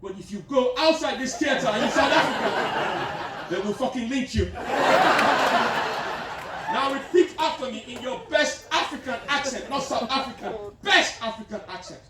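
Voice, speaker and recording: Man doing a pompous dictator president, crude and boastful, high voice, lively swoops, echoey theater, distant mic, loud crowd. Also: moderate pace, very noisy. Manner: boastful, crude, teasing the audience. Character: pompous self-styled African dictator president, male, brash. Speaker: stand-up comedian. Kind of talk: live stand-up in character. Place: large theater, live audience.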